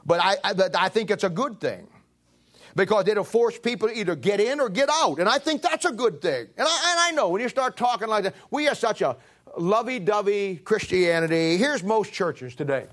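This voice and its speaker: A pastor in his seventies preaches a sermon in a church sanctuary, his high, expressive voice a bit bright and at normal speed. He tells folksy stories with emphasis and acts out quoted voices.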